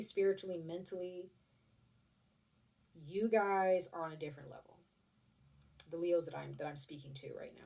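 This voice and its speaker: A woman's voice: lowish voice, darkish tone, distant mic. A woman giving a casual tarot reading to her viewers, chatty and rambling, with restarts and casual swearing. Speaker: tarot reader.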